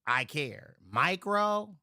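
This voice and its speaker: A man on a casual livestream, drinking while he chats. He rants in profane, rambling bursts, swinging from loud outbursts to low mutters, speaking from home. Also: big pitch swings, extremely slow, dry recording, clean studio sound. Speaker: live streamer. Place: at home near a refrigerator.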